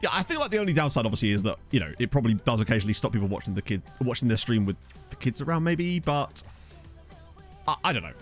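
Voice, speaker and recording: A man streaming a football management game, talking in a loose, self-mocking way and breaking into laughs. His pitch swings up and down a lot as he reads chat and weighs up players, and he is hiccuping. Faint music plays underneath him. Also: sing-song, fast talker. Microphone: desk USB microphone.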